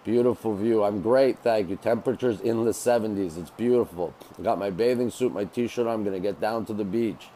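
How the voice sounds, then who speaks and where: A man's voice: fairly low pitch, fairly quick, hardly any pauses, dark tone, slight background noise, rough recording. A man from Montreal, casually chatting on a phone livestream from a hotel balcony, greeting viewers by name and repeating himself. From Montreal, Canada. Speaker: livestream host. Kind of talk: casual live-stream chat greeting viewers. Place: hotel balcony by the beach, outdoors.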